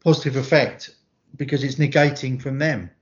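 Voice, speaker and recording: A man with a mid-range voice speaks in a measured, reflective way during a relaxed chat. The recording is dull and lo-fi. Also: mid-range voice. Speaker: podcast guest, former referee. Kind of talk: casual chat. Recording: dull lo-fi audio.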